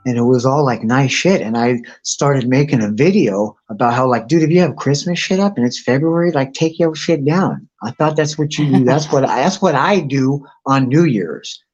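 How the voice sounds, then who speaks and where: On lo-fi sound, a live-stream host with a medium-pitched voice talks at normal speed with few pauses. He's an animated, crude storyteller, rambling through profane anecdotes in a casual chat at home and outside nearby.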